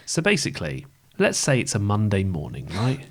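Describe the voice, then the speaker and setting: A man co-hosting a chatty podcast, teasing his co-host in a playful way. His pitch swings a lot as he jokes and hums mock-dramatic tunes. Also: wildly swooping pitch, moderate pace. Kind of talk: casual comedic chat.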